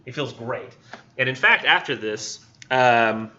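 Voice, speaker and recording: Guy teaching a lit class, super informal, says like a lot, bright voice, sounds kinda muffled. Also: mid-range voice, lively intonation, slow pace, slight background noise. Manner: informal, retells the story with many fillers like "like" and "um". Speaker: literature instructor. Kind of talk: casual classroom lecture. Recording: dull lo-fi classroom recording.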